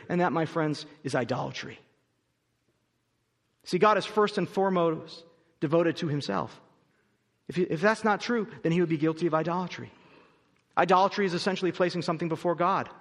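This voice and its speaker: A man's voice: sits high, creaky. A male pastor preaching a sermon, arguing his point emphatically and asking rhetorical questions. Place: church auditorium. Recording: long reverb of a large hall.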